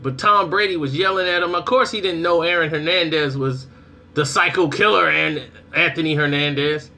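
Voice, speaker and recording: Brief: young adult male vlogger, casual commentary, animated delivery, bright and slightly high voice. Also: moderate pace. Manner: animated storytelling, acts out reactions.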